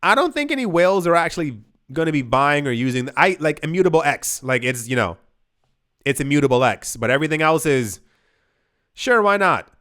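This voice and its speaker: Male crypto channel host, joking and sarcastic, with a resonant, fairly high voice. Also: moderate pace. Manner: sarcastic, animated, joking asides. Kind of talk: casual news commentary.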